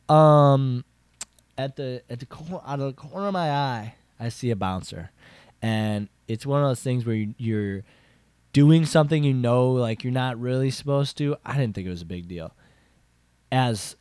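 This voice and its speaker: A man's voice: normal speed, clean tone, no room sound. A young man rambles through a story on his own show, full of "like" and false starts, his voice jumping up when he gets worked up. His mid-range voice sounds close and dry, with no room around it. He sounds casual and chatty. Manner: rambling, filler-heavy with frequent "like" and restarts; animated, jumps up in pitch for emphasis. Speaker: podcast host.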